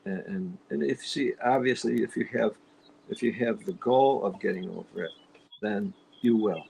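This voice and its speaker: A man hosts a relaxed discussion, pressing his points by repeating them. His voice is gravelly and mid-pitched. A faint hiss sits under it. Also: moderate pace, poor audio. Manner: supportive, emphatic, repetitive. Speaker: host. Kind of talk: casual conversation.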